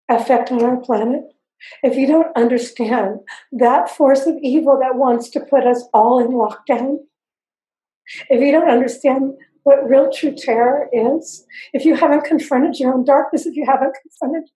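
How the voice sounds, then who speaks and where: Older woman, fairly high and mellow voice, intense halting testimony, echoey room. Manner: earnest, intense, halting with repeats. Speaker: interview guest. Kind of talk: personal testimony. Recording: roomy echo.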